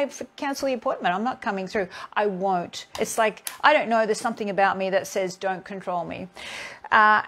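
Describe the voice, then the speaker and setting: A woman speaking in a lively, unscripted way during a live stream. Her pitch sits in an ordinary middle range. She tells personal stories and plays both parts of each exchange with energy. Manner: animated storyteller who acts out both sides of encounters. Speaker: healing therapist hosting a live stream. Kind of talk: casual spiritual talk.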